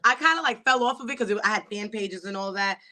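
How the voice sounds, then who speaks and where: A woman comedian from New York, a guest chatting in a casual interview, playful and quick to laugh. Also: mid-range voice, a crowd in the background.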